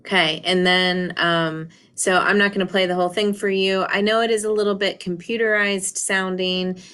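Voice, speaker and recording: A woman's voice: mid-range voice, steady tone, normal speed, bright, forceful tone, clear, resonant tone. A woman teacher in a recorded class lesson, retelling a story and walking students through an online reading tool in a casual way with many fillers. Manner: casual, many ums and restarts.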